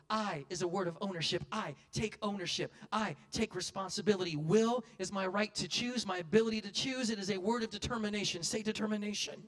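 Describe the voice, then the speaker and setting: A male pastor preaching a sermon in a folksy way, building to loud impassioned cries. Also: high voice, a little fast, hardly any pauses.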